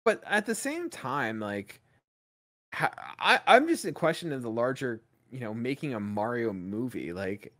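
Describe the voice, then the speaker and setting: A man with a mid-range voice co-hosts a gaming podcast, chatting casually at a measured pace. He sounds animated and excitable, loose with plenty of fillers.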